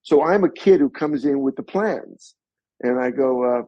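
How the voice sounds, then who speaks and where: A man being interviewed as a guest actor, telling animated stories and acting out other people's voices. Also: mid-range voice, normal speed, no echo. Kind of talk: anecdotal storytelling. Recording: slightly muffled recording.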